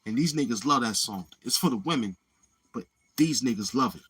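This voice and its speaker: An animated male livestream host rambles casually, dropping many murmured mm-hmms between thoughts. His medium-pitched voice is husky and fairly bright, and he talks briskly.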